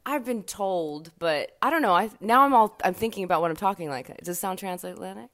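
A woman from California with a transatlantic accent, a podcast guest giving brief, soft-spoken replies. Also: medium pitch, lively intonation, brisk. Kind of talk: casual podcast chat.

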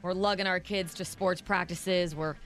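A middle-aged woman co-hosting a morning radio show, telling stories in an animated way and laughing often. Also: on the low side, normal speed, faint music behind. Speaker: radio co-host. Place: radio studio. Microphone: studio mic.

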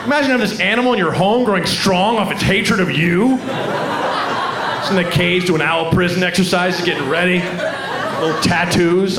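A high-pitched man performs stand-up comedy with animated energy, slipping into silly voices. The live club recording is roomy and echoey. A loud crowd laughs throughout, over a steady background noise. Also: moderate pace. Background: audience laughter.

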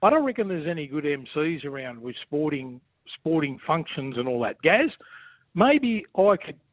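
A man's voice: a little high, lively intonation, moderate pace, no echo. An Australian man calling in, joking boisterously and saying "mate" constantly. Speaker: guest caller. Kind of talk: casual banter on a call-in. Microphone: phone. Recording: tinny phone line.

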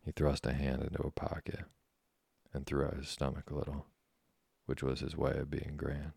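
A man narrates a classic story in a steady, measured reading voice. His voice is extremely low and gravelly, with a husky grain. The recording is close and completely dry. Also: no echo. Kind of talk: audiobook narration.

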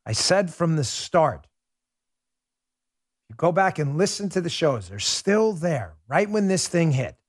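Man, talk show host, fervent monologue, rhetorical questions, higher-pitched voice, dry close sound. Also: sing-song, a little slow, no echo. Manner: addresses listeners as folks. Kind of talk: opinion monologue to listeners.

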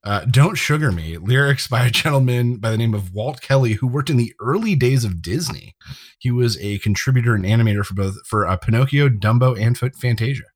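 A man's voice: mid-range voice, expressive, a little fast, dry recording. A man co-hosting a casual chat, recapping an episode and sharing trivia, often laughing as he talks. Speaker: podcast co-host.

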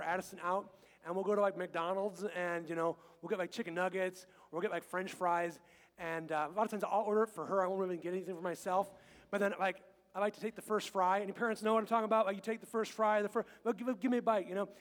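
A middle-aged pastor preaching a casual, humorous sermon, quoting scripture and acting out little everyday scenes. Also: male voice, sits high, in a large hall. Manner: chatty and joking, quotes scripture, acts out little scenes. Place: church sanctuary.

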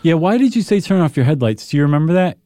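Mellow-voiced guy on a podcast, dry teasing humor, close dry mic. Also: a little high, fast, dry recording. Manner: wry, teasing, deadpan asides. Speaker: podcast co-host. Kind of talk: casual podcast chat.

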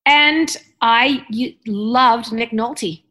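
A woman's voice: a little high, drawn-out words, bright, forceful tone. A woman hosting a podcast, chatting casually and rambling with frequent restarts. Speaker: podcast host. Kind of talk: casual chat.

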